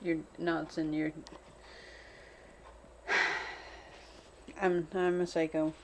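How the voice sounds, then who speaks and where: Heavy background noise surrounds this vlogger's unscripted self-filmed monologue, where she anxiously rambles and repeats herself. Her deep voice barely shifts in pitch, and she draws out her words.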